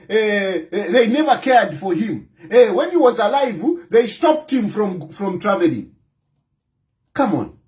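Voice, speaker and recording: A man's voice: very high-pitched, rough recording. Combative Zambian man scolding rivals. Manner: combative, scolding, repeats points for emphasis. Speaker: opposition party president. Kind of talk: impassioned political commentary.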